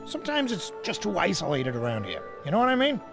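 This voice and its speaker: Game role: slobbish scavenger bird, chatty and crude, lively upward-lilting delivery. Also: male voice, high voice, quick pace, vocal fry, over music, heavily acted. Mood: wistful. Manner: easygoing, lewd and jokey. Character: crude, laid-back male carrion bird. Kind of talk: game dialogue.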